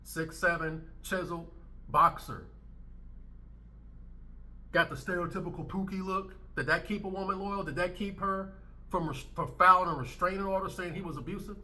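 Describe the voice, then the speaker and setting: A man with a bright, forceful voice sitting a touch high for a man delivers commentary on clips he is playing. He talks bluntly and emphatically, circling back to the same lines again and again to drive them home. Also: steady tone, moderate pace. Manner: blunt, emphatic, repeats his points. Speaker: commentary channel host.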